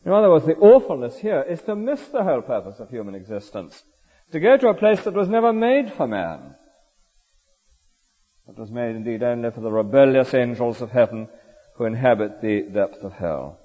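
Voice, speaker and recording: A man's voice: mid-range voice, sing-song, moderate pace, husky. A man preaching a sermon in an earnest, rhetorical way, often ending points with tag questions. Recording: dull lo-fi recording with long hall reverb.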